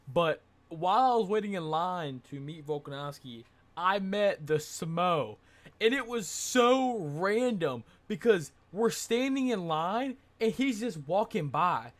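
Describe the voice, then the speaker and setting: A young man telling a casual, rambling vlog story, excitable and full of filler words. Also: high-pitched, normal speed. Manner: excitable, rambling, says dude and like a lot. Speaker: vlogger.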